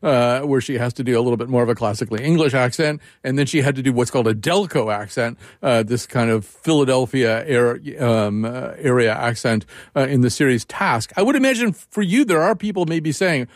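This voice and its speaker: A man's voice: medium pitch, animated, brisk, hardly any pauses, no room sound, studio quality. A man interviewing a guest, asking long questions with many restarts and fillers. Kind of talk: radio interview conversation.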